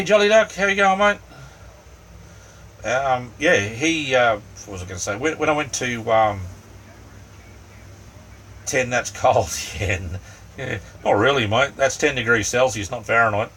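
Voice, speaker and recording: A man's voice: medium pitch, a little slow, fairly bright tone. Australian man, middle-aged, easygoing rambling chat, slightly distant mic, faint fan hum. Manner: rambling, easygoing, full of ums and "mate". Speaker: livestream host. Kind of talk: casual live chat with viewers. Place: inside a small camper van. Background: fan running.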